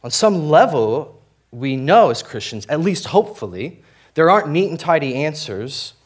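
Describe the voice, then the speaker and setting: Candid young pastor preaching conversationally. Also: male voice, on the high side, big pitch swings, normal speed, husky. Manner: candid, self-deprecating, full of fillers and restarts. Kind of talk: conversational sermon.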